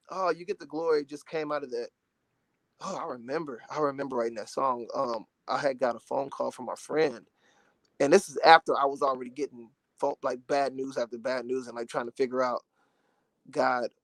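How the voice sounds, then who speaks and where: A man's voice: mid-range voice, fairly even intonation, moderate pace, a bit bright, no room sound. A man in his twenties from Dallas, a gospel artist talking in a casual interview, earnest and emotional with lots of "you know"s. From Dallas, Texas. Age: 20s.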